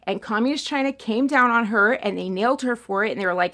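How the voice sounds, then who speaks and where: A young adult woman vlogger talking politics in a rambling, animated monologue that often repeats words. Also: a little high, fairly quick, hardly any pauses. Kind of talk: casual opinion monologue.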